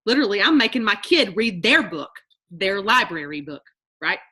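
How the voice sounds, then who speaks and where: A woman leads a motivational workshop over a video call, her voice bright and forward. She talks in an animated way and slips into mock voices to act out everyday complaints. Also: medium pitch, moderate pace, slightly rough. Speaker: motivational speaker. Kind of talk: live online workshop talk.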